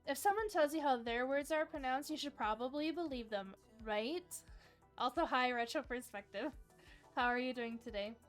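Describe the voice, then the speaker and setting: A woman's voice: high-pitched, moderate pace, soft background music. A young woman hosting a casual livestream trivia game, chatty and upbeat, dropping "like" often as she talks to viewers.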